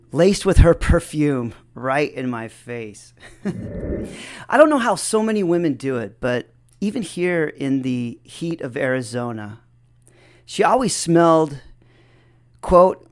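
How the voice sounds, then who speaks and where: Slow, chuckling male storyteller. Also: a little high. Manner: chuckles often between sentences. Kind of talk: reflective personal storytelling.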